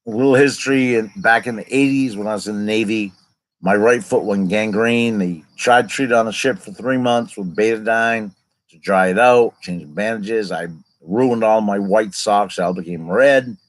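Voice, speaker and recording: A man in his fifties tells a long personal story in a casual, unscripted way. His voice sits a little low, and he wanders through side stories before returning to the main thread. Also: moderate pace, poor audio. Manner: rambling, digressive personal storytelling. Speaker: vlogger telling his own story.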